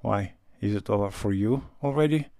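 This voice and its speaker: A man voicing an earnest, awkward country gentleman who speaks bluntly. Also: on the low side, normal speed, gravelly, no echo, studio quality.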